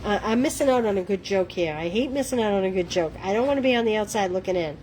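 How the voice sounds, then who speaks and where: A woman's voice: mid-range voice, animated, quick pace, a little mellow, a little hiss or hum, poor audio. A middle-aged woman with a Boston accent hosting a live crafting demo, chatting to viewers in a self-deprecating way. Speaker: craft livestream host.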